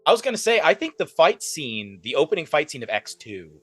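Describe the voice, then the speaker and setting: A man's voice: on the high side, very animated, fairly quick, soft background music. A man chatting casually on a podcast, reacting with enthusiasm. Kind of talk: casual chat.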